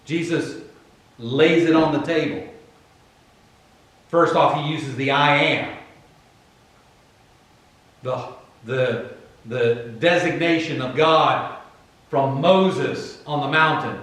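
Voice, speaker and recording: A man with a Virginian accent, preaching a sermon conversationally and acting out Bible figures in quick asides. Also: on the high side, a bit bright. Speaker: pastor. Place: church. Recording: very echoey room, far from the mic.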